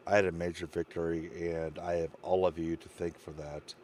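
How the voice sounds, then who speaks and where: Deep-voiced man, emotional streamer sign-off. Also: level tone, fairly quick, a little mellow, a little hiss or hum. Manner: rambling, heartfelt and emotional, many fillers. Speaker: game streamer. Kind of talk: casual stream sign-off chat.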